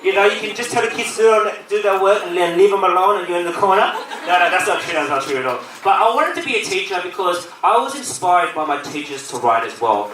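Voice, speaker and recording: Jokey man with a high lively voice. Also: quick pace, few pauses. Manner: jokey, playful storyteller. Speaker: children's author and teacher. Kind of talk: book reading and Q&A for children. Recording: echoey room, distant mic, faint noise.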